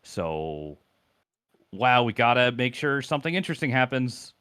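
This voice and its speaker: A man's voice: medium pitch, very animated, normal speed, bright, forceful tone, smooth. A man in casual gaming chat, talking things through thoughtfully and hesitantly, with many fillers. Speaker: stream co-commentator.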